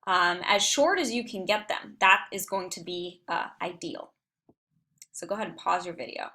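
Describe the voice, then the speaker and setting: A woman leading a recorded online writing workshop, explaining patiently and clearly with frequent fillers. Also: fairly low pitch, moderate pace, pushed and bright. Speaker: writing center instructor.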